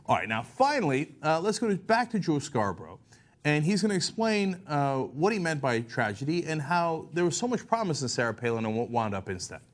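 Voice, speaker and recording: A man with a high, lively voice that leaps up and down as he mocks a political speech, sarcastic throughout. He hosts a satirical commentary show and often laughs at his own jokes. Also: fairly quick.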